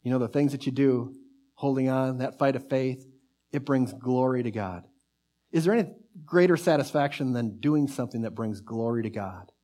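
A man preaching a sermon, fervent and earnest, surging up in bursts and dropping to soft, drawn-out lines. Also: medium pitch. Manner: fervent, pace and volume swell then drop to soft near-whisper.

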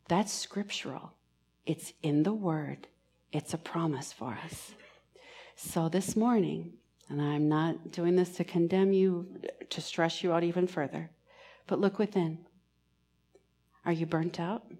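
A woman giving a sermon in church, earnest and pastoral, moving between emphatic lines and hushed, almost whispered ones. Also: lowish voice, takes it slowly, long pauses. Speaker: preacher.

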